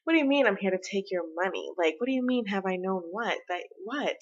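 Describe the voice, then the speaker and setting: A woman voicing an indignant, defensive young woman in a game story, firing off quick, exasperated outbursts. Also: mid-range voice, animated, highs cut off, lightly acted. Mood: confused.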